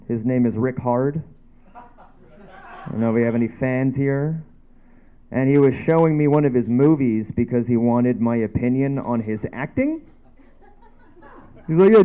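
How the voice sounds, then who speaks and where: A Canadian man does a loose, rambling stand-up set on a dive bar stage, tossing in plenty of offhand asides. His voice is mid-range with a clean tone, though the bar recording itself is dull and lo-fi.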